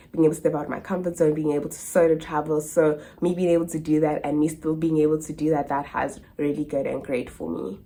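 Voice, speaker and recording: A woman's voice: sits low, mellow. A young South African woman in her twenties, an au pair answering viewer questions in a casual vlog, chatty and full of "like" and "literally". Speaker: au pair vlogger.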